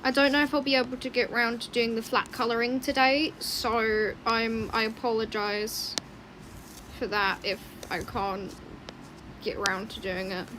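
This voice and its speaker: Brief: young woman artist, casual unhurried rambling, high-ish voice, mutters to herself. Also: fairly even intonation, noisy background. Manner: rambling, chatty, often muttering quietly to herself. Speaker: artist streaming her drawing. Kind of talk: casual rambling chat while drawing.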